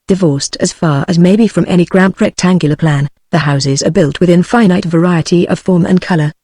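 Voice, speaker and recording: A synthetic woman's voice with a British English accent, reading an audiobook in an even, measured way. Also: on the low side, husky, no room sound. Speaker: narrator.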